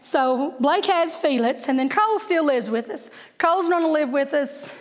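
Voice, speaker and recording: A woman's voice: high voice, lively intonation, moderate pace. A woman, telling humorous stories to an audience and laughing at her own jokes. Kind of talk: humorous storytelling talk to an audience. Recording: long hall reverb.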